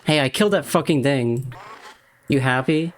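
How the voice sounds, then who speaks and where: A man's voice: mid-range voice, moderate pace. A young man streaming a video game live, talking to himself and chat in an exasperated, swearing way.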